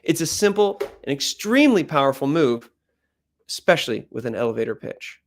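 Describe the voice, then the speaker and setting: A man giving an energetic talk on pitching, loud and animated, deliberately shifting his speed, volume and pitch to make points. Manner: animated, plays with speed, loudness and pitch for emphasis. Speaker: speaker coaching on pitching. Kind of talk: energetic presentation coaching.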